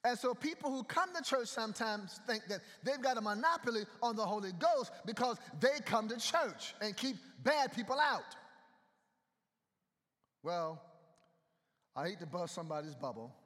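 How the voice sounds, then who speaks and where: In an echoey hall, an American pastor with a high voice and fairly bright tone preaches casually, joking back and forth with the congregation.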